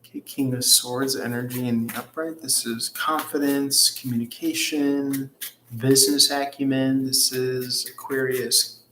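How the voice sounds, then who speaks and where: Slow-talking man in a roomy space. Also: medium pitch, level tone, bright, forceful tone, a little hiss or hum. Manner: rambling, profane, reads out chat comments. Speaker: tarot reader hosting a livestream. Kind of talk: casual livestream chat. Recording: roomy echo with faint ambience.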